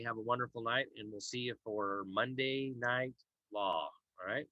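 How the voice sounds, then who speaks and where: A man's voice: mid-range voice, fairly even intonation, moderate pace, sharp tone, dry recording. A tired man hosting a casual livestream, reading viewer comments and rambling with many fillers and restarts. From Idaho, US. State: tired, yawning. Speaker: host of a law livestream. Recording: dull lo-fi stream audio.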